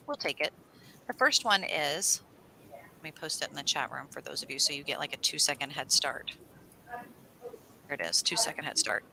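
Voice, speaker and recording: A woman co-hosting an astrology livestream, telling rambling stories in a casual, animated way and swearing now and then. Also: deep voice, low-quality recording. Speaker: astrology show co-host.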